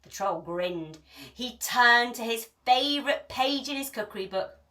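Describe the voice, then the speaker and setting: A woman teacher reading a children's picture book aloud as a bedtime story, with expressive storytelling. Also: a little high, a little slow.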